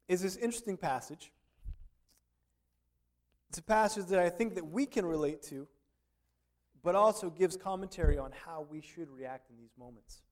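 Male pastor, sermon, casual delivery, fairly high voice, lots of "you know.". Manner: conversational, with many fillers.

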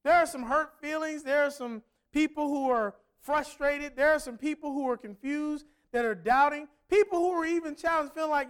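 A man's voice: very high-pitched, moderate pace, few pauses. A man preaching a sermon in a conversational way, asking many rhetorical questions.

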